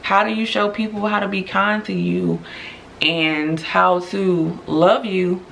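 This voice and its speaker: A young adult woman hosts her podcast in a casual, heartfelt monologue, talking earnestly and chattily straight to listeners and laughing through emotional moments. Her medium-pitched voice is slow, creaky, and a bit bright, with a little hiss or hum.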